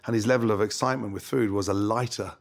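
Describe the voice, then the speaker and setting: A middle-aged Scottish man, a chef and guest, telling stories in a brash, swearing, animated way. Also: fairly low pitch, fast, creaky. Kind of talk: casual interview.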